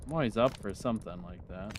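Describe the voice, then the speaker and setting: A man's voice: lowish voice, fast talker, background noise. A man with a northern US accent, casually chatting with his live-stream viewers while playing, answering their questions with easy laughs. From United States. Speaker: game streamer.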